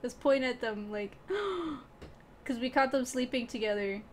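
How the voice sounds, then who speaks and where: A woman's voice: a little high, fairly even intonation, fairly quick, slight background noise. A young woman streaming a game, chatting playfully with teammates and chat and often breaking into giggles. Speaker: gaming streamer. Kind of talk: casual gameplay commentary.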